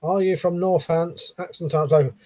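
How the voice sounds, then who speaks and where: A man's voice: on the high side, steady tone, moderate pace, mellow, dry recording, rough recording. A man with a Southern English accent hosting a casual live stream, reading viewers' comments aloud with frequent laughs and casual swearing. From Buckinghamshire, England.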